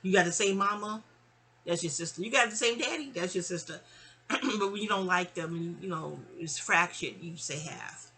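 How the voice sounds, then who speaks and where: Bright-voiced woman rambling through a story. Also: lowish voice, normal speed, low-quality recording. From New York (Queens). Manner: rambling, digressive, talks straight to the listener; acts out others' voices in quoted dialogue. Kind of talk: casual storytime monologue.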